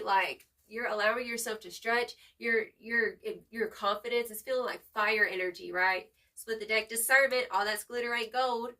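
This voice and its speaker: A woman giving a casual tarot reading to camera, expressive and slangy, swearing freely as she hypes up the viewer. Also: fairly high pitch, distant mic. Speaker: tarot reader.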